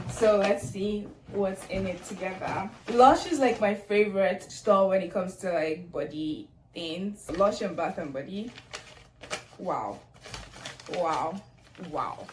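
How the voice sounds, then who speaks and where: A young woman vlogger unboxing birthday gifts in casual chat, gushing and exclaiming often. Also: mid-range voice. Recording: roomy echo, distant mic, faint noise.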